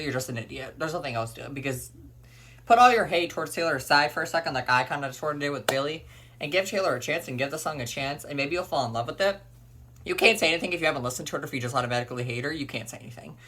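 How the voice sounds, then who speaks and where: A man's voice: a little high, sharp tone. A young man ranting to the camera in a vlog, emphatic and opinionated, repeating his points. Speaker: vlogger.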